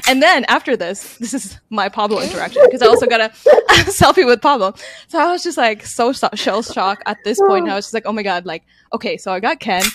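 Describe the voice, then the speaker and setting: Animated young woman telling a story. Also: a little high, fast talker. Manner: animated storytelling, laughing often. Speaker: podcast co-host. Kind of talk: casual chat.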